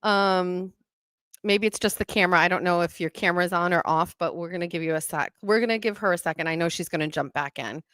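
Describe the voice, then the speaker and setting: A woman hosts a livestream talk show. Her voice sits a little low and she speaks in a reassuring, encouraging way. The sound is dry and close. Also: fairly quick, fairly bright tone, clear, resonant tone, no echo.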